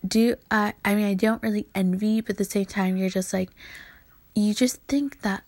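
A woman's voice: mid-range voice, steady tone, moderate pace, darkish tone, no echo. Rambling sweary woman podcaster, dry sound. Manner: rambling, sweary, drifting into whispers. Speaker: podcast host. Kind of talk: casual solo podcast monologue.

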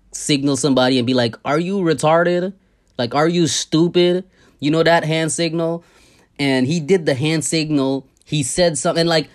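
A man tells a story from his day. He talks in a loose, casual way, swears freely and repeats his key lines for effect. His voice sits at an ordinary middle pitch. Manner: animated, profane, repeats himself. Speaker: podcast host.

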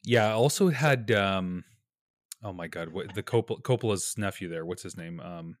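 A man's voice: sits low, moderate pace, dry recording, clean studio sound. A young man co-hosting a podcast, chatting casually, laughing and teasing his co-host. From outside the United States. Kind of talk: casual banter.

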